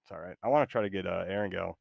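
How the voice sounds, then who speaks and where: A man's voice: deep voice, racing, gravelly, no echo, muffled recording. A man streaming a game, talking in a laid-back, hesitant, joking way to his AI sidekick. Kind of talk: casual gaming stream chat.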